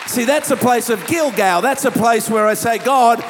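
A man preaching a sermon as a pastor, telling stories and rising to passionate, shouted appeals. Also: very high-pitched, normal speed, crowd noise, background noise. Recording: reverberant hall.

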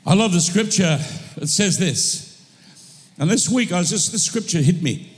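A male pastor preaching a sermon, impassioned, swinging from shouted declarations to slow, drawn-out teaching, in a church hall with a long echo. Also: sits high, expressive. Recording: echoey hall reverb.

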